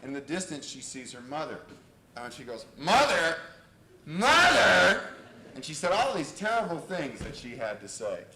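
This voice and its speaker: A man giving a university lecture in an animated storytelling way, on an old reel-to-reel tape. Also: medium pitch, brisk. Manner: animated, loud when acting out exchanges. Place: lecture hall. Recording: old reel-to-reel tape, echoey lecture hall, faint hiss.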